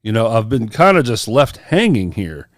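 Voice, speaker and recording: A man's voice: lowish voice, very animated, moderate pace, no echo, clean studio sound. A man on a podcast telling a personal story in casual chat, acting out the people he quotes. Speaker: podcast co-host.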